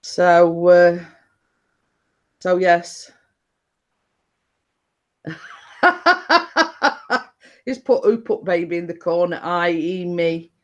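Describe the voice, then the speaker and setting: A woman's voice: lowish voice, little pitch movement, drawn-out words, long pauses, a little mellow, dull audio. Lady rambling on her home stream, chatty, keeps restarting. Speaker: livestream host. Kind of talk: casual chat. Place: home computer desk.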